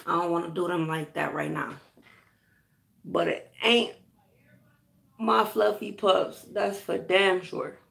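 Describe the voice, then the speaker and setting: A woman's voice: fairly low pitch, flat delivery, slow, creaky, long pauses, fairly bright tone. A woman vlogger ranting to her viewers with lots of profanity, frustrated and calling out to friends by name. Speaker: hair care vlogger. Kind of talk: casual vlog rant to viewers.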